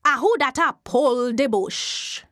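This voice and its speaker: A woman's voice: high voice, expressive, slow, fairly bright tone, dry recording, clean studio sound, full character voice. A woman voicing a crowd of ghosts in a rhythmic chant. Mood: eerie. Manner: rhythmic chanting, call and response. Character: chanting ghostly Caribbean Jumbie spirits.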